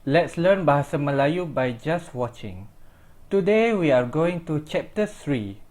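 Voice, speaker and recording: A language teacher giving a recorded lesson in slow, deliberate explanations, using simple English with small grammar slips and repeating each example phrase. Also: mid-range voice, expressive, darkish tone.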